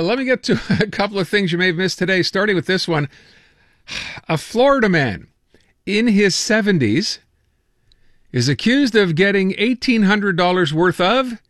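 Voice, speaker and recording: A man's voice: high-pitched, fairly bright tone, no echo, clean studio sound. A man hosting a radio show, chatting casually and joking about news stories, stumbling over words now and then. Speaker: radio host. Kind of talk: casual talk radio banter.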